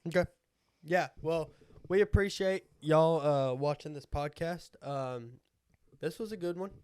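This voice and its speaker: A young man co-hosting a podcast, easygoing and halting with fillers. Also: a little high, a little mellow, clear, resonant tone, dry recording. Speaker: podcast co-host. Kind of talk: casual chat.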